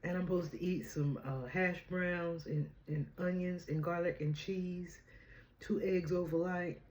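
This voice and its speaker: A woman's voice: fairly low pitch, steady tone, unhurried, a little mellow, a little hiss or hum. A woman hosting a casual home video chat, playful and chatty, often laughing. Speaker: vlogger host. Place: at home indoors. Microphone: camera.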